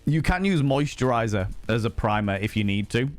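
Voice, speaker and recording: Guy streaming, swears a lot, voice jumps up high when he gets worked up, bit of music low behind. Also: brisk. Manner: animated, swears freely, jumps to high pitch for emphasis. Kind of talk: casual live-stream chat.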